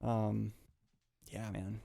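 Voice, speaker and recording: Dark, gravelly-voiced man in easy chat. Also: lowish voice, little pitch movement, very slow, slight background noise. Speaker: podcast co-host. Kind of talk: casual podcast talk.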